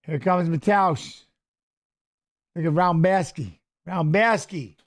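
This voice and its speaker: A man hosting a fight watch-along in casual, rambling commentary, muttering asides and rattling off stats. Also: high voice. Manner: rambling, muttered asides and quick stat reading.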